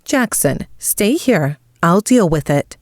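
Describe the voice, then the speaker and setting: A woman's voice: lowish voice, lively intonation, takes it slowly, no room sound, clean studio sound. A woman voicing a soothing motherly pack elder. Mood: commanding. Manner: soothing, gently coaxing.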